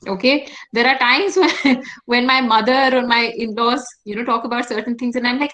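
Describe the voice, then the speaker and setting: A woman with an Indian English accent runs a workshop over a video call, speaking in a fairly high voice. She keeps checking in with her listeners and asking them questions as she guides them through it. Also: moderate pace, fairly bright tone, low-quality recording. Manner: engaging, asks the audience frequent questions. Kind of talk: interactive online workshop session.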